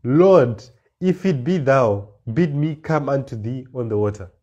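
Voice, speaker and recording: Mellow-voiced man preaching a sermon. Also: mid-range voice, expressive, dull audio. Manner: reads verses slowly, then explains with rising emphasis and repeated words. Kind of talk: sermon, reading and explaining scripture.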